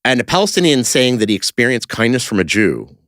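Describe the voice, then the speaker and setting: A man's voice: mid-range voice, sing-song, fast, fairly bright tone, no echo, clean studio sound. A man talking casually as a podcast guest, telling stories in a rambling way with lots of fillers and restarts. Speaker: interview guest, creator of a street-question video project.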